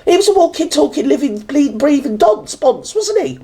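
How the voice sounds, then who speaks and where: Woman, British accent, sarcastic rant, swooping lively pitch, mellow dark tone. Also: measured pace. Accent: British English. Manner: sarcastic, indignant, mocks others in put-on voices. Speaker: reaction video host. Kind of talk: ranting commentary. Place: indoors, standing.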